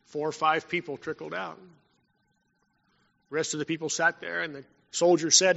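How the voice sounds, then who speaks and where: A man preaching a sermon as pastor, telling stories and swinging between loud and hushed. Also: fairly high pitch, little pitch movement, normal speed, vocal fry, long pauses. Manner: storytelling preacher, rising and dropping in volume. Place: church sanctuary. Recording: dull sound in a long-reverb hall.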